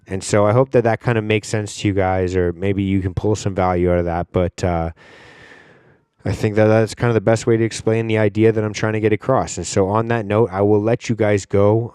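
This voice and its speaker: A young man with a low, smooth, resonant voice, hosting his podcast alone. He talks in a loose, rambling way, full of fillers, and swears often. The sound is dry and close, with no room echo. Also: dark tone. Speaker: podcast host. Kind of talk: casual solo podcast talk.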